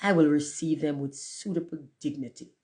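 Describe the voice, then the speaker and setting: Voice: mid-range voice, moderate pace, a little mellow, natural voice. A reader doing a haughty, self-important firework rocket. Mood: pompous. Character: pompous conceited firework rocket.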